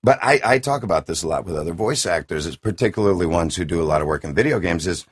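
A middle-aged man with a deep classic announcer voice, a video game voice actor chatting enthusiastically and rambling in an interview. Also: lively intonation, quick pace, slightly rough. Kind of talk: casual interview chat.

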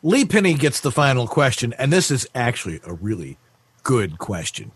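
A man's voice: mid-range voice, big pitch swings, normal speed, breathy edge. A man co-hosting a podcast, reading out listener questions in a friendly, informal way. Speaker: podcast co-host.

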